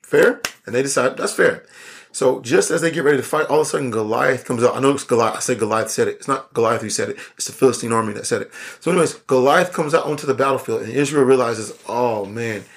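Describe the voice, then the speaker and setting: A young man preaching a casual, conversational sermon, animated and full of asides. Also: medium pitch, rapid-fire, creaky.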